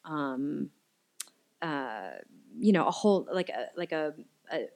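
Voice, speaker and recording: A middle-aged woman, a musical theater performer, chatting excitedly as a guest and laughing often. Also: low-pitched, slow pace. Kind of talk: casual chat.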